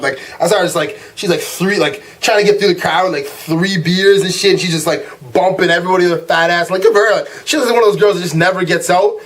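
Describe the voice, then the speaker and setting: A young man with a high voice rants about a night out for his vlog audience. He tells it in a lively, loose way, acting out quotes and tripping over his words with fillers and restarts. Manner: animated storytelling, acts out quotes, frequent "like" and restarts. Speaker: vlog host. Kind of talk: casual rant to camera.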